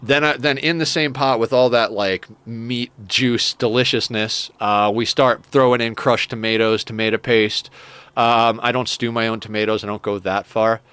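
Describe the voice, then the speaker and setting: A man's voice: medium pitch, steady tone, normal speed, a bit bright, clear, resonant tone, no room sound. Swearing, rambling young man streamer. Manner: profane, rambling, enthusiastic. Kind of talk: casual chat while playing a game.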